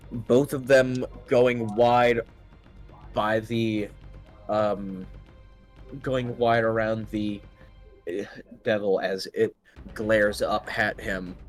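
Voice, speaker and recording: A man narrating a tabletop game as game master, halting often with ums and restarts. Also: lowish voice.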